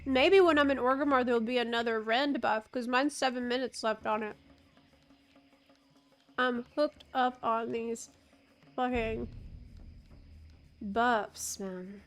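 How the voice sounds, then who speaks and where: A woman's voice: on the high side, slow pace, pauses often, soft background music. A woman in her thirties streaming a game, chatting casually with her chat. She laughs often and swears casually. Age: 30s. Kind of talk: casual live-stream chat while gaming.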